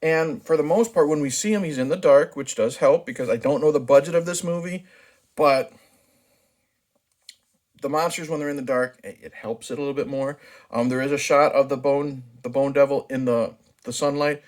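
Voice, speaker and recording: A man's voice: mid-range voice, normal speed, darkish tone. A man casually reviewing a movie, talking frankly and chatting loosely with plenty of restarts. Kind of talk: casual spoken film review.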